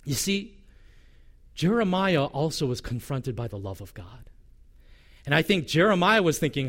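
A man's voice: a little high, sing-song, moderate pace, long pauses, a bit bright. A male pastor preaching a sermon with passion, voicing a prophet's complaints in the first person.

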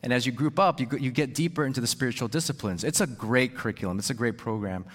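A man's voice: mid-range voice, fast. Man preaching in a reverberant church. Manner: repeats words and adds "right?" to sentences. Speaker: pastor. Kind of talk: sermon. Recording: long reverb in a church hall.

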